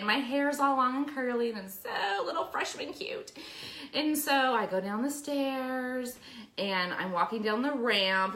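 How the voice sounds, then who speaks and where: A woman's voice: medium pitch, roomy sound. A woman co-hosting a casual chat show, telling embarrassing stories and acting out the scenes as she goes. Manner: animated storyteller, acts out scenes. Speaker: podcast co-host.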